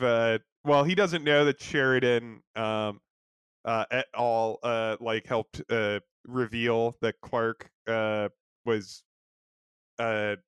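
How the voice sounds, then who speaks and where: A man's voice: medium pitch, fairly bright tone, clear, resonant tone, dry recording. A man co-hosting a podcast, rambling loosely through a scene-by-scene episode recap and swearing casually. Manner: rambling, many fillers and restarts, swears casually. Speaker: podcast co-host.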